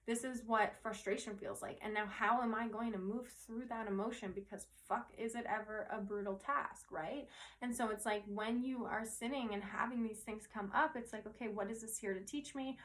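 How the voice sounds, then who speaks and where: A woman talks to her viewers about energy and emotions in a loose, earnest way. Her voice sits a bit high, and she keeps checking in with a quick "right?" as she goes. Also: steady tone, a bit bright. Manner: rambling, earnest, says "right?" often, swears casually. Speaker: spiritual teacher and intuitive reader. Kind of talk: casual spiritual talk to viewers.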